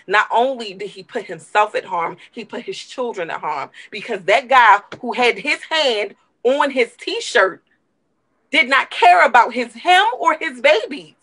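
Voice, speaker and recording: A woman's voice: a little high, animated, measured pace, a bit bright, poor audio. A woman co-hosting a talk show, giving impassioned, emphatic commentary and repeating words for emphasis while emotional.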